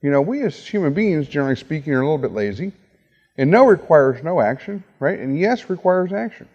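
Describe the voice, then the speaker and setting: A man's voice: on the high side, big pitch swings, fairly quick, a little mellow, dull audio. A middle-aged man giving a talk as a guest speaker, telling a story and acting out the dialogue with lots of energy. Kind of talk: storytelling talk to a university audience. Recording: long hall reverb.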